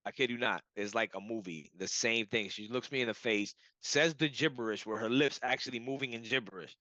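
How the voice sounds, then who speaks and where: A man telling a personal story in a casual, animated way, full of "like" and "you know". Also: mid-range voice, brisk, dry recording. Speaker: client giving a testimonial. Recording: dull lo-fi audio.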